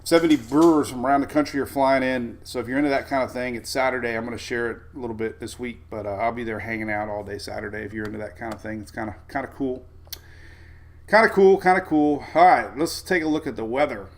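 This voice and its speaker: A man's voice: medium pitch, quick pace, few pauses. Chatty man hosting a weather livestream. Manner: chatty, greets viewers by name, laughs often. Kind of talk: casual live-stream chat.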